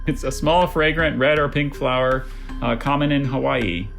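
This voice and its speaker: An adult reading words, definitions and joke sentences as a spelling bee pronouncer over a video call, in a deadpan manner. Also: medium pitch, normal speed, vocal fry, soft background music.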